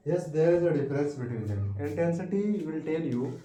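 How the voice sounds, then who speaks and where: A man with an Indian English accent teaching a physics lesson, halting and repetitive, asking the class questions. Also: a little high, warm tone. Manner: halting, repeats words and restarts, asks questions. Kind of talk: classroom lecture. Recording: echoey room with faint background hiss.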